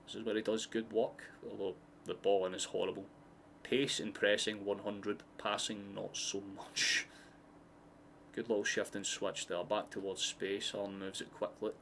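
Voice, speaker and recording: A man with a Scottish accent giving casual, excitable live football commentary, swearing freely and drifting into chatty asides. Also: lowish voice, moderate pace, gravelly, slight background noise. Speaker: streamer hosting a match watchalong.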